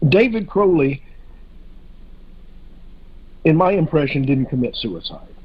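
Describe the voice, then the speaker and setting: A man's voice: fairly high pitch, very animated, takes it slowly, highs cut off, slight background noise. A man in a casual podcast discussion, talking hesitantly with many fillers and restarts.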